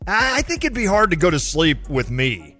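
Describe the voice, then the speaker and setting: A man's voice: high-pitched, normal speed, long reverb tail, faint music behind. A man co-hosting a sports radio show, chatting casually and playfully. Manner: animated, playful, mimics people in quotes.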